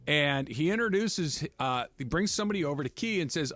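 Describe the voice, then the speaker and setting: Animated sports radio host, man. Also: fairly high pitch, fast, few pauses, dry recording. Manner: animated storyteller, acts out quotes. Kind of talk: casual sports radio chat.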